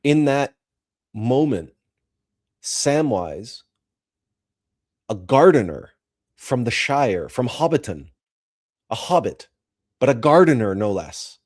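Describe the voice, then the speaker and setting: A man's voice: mid-range voice, big pitch swings, slow, long pauses. A man hosting a spiritual talk show, speaking in an earnest, emotional monologue with frequent repeats and restarts. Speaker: host.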